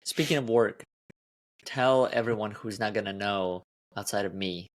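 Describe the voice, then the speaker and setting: A man hosting a podcast, asking his guest quietly about upcoming work. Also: on the low side, normal speed, rough recording. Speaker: podcast host. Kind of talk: interview questions.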